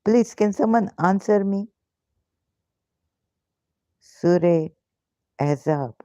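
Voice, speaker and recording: Slow, emphatic woman on dull lo-fi audio. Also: medium pitch, warm tone, dry recording. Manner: emphatic and indignant, full of rhetorical questions, hesitant fillers and broken grammar. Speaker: ex-Muslim question-and-answer host. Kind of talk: live question-and-answer talk.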